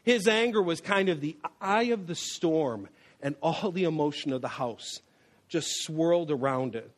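A man preaching about anger in an animated, storytelling way, weaving in personal memories. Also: fairly high pitch, unhurried. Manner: animated, storytelling, with acted quotes. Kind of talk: sermon on anger with personal stories.

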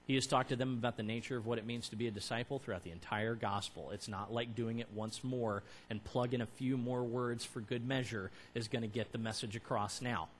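A man preaching to his church in a conversational way, building to emphatic, louder peaks. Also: medium pitch, steady tone, a little fast, hardly any pauses, slight background noise, poor audio. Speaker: pastor. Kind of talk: sermon.

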